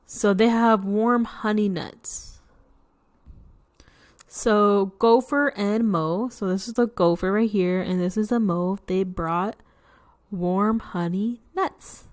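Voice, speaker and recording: A young woman reading a picture book to children, pausing to point at pictures and ask questions. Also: medium pitch, fairly even intonation. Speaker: storytime reader.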